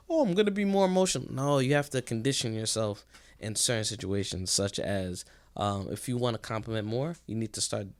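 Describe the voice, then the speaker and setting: A man's voice: fairly low pitch, no echo. A young man co-hosting a podcast, talking in a laid-back, rambling way and laughing often. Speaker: podcast co-host. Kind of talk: casual chat.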